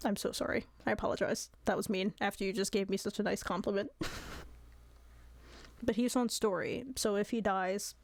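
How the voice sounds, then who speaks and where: A woman's voice: medium pitch, steady tone, moderate pace, no room sound. A woman streamer chatting casually with her viewers, giggly and apologetic.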